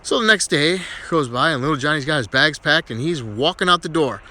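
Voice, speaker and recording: A man telling jokes in a loose, casual way, his slightly high voice swooping up and down as he builds to each punchline. He is animated and chuckles at his own gags. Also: fairly quick. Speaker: joke teller.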